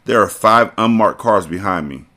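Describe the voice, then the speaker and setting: A man's voice: lowish voice, normal speed, bright, forceful tone. Man voicing a nervous young wife. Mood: anxious.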